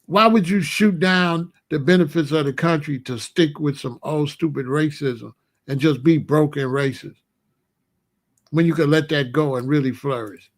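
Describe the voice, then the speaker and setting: A man with a slightly higher voice riffs in a loose, comedic monologue. He fires off rhetorical questions and breaks into chuckling asides as he talks. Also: moderate pace. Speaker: host.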